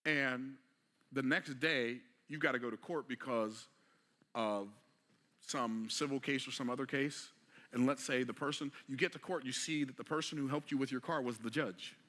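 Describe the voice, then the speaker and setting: A man delivers a motivational sermon in a bright, forward voice. He keeps putting rhetorical questions to his listeners and talks in plain, everyday speech. He drops to a hush, then builds up to a forceful climax. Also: medium pitch, moderate pace. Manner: rhetorical questions, swings between quiet and emphatic; casual vernacular delivery. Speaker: preacher.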